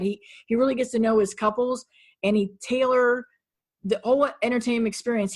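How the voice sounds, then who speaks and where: A woman hosting an interview podcast, upbeat and speaking straight to her listeners. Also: mid-range voice. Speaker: podcast host.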